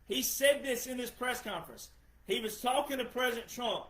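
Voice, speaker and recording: A man's voice: extremely high pitch, moderate pace, fairly bright tone. A middle-aged man hosting a podcast, giving an emphatic, lecturing political monologue and repeating phrases for effect. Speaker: podcast host. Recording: roomy echo.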